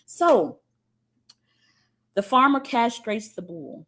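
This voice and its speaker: Woman preaching relationship advice, fairly high voice, swears a lot, keeps saying okay. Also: animated, a little slow. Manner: blunt, profane and emphatic; frequent checking "okay?". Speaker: spiritual teacher. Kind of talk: spiritual teaching monologue.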